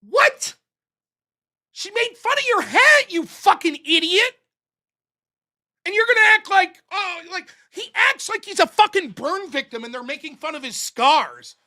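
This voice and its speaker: A male livestream host rants in casual commentary at normal speed, his pitch swinging widely. His voice is bright and sharp, and he's animated, laughing often and swearing a lot.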